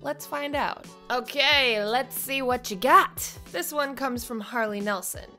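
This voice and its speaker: This young impressionist speaks in a high voice, a little slowly, with faint music behind her. Reviewing impressions that viewers sent in, she chats casually and gives feedback that is playful, bubbly and animated.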